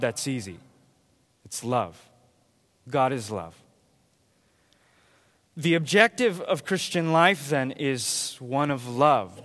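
A man preaching a sermon to his church in a conversational, storytelling way, getting animated when he imitates others. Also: mid-range voice, big-room sound. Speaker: pastor. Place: church sanctuary.

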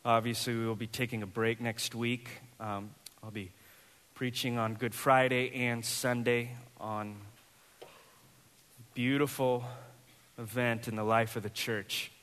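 A man in his thirties, a pastor, preaching a sermon and telling a personal story with lively, acted-out dialogue. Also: mid-range voice, a little slow, long reverb tail. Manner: animated storyteller, acts out voices in quoted dialogue.

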